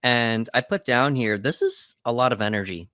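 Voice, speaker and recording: A man's voice: medium pitch, moderate pace, bright, forceful tone, no echo, studio quality. A man co-hosting a podcast, casually recapping film scenes and acting out quotes. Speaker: podcast co-host. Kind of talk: casual movie breakdown chat.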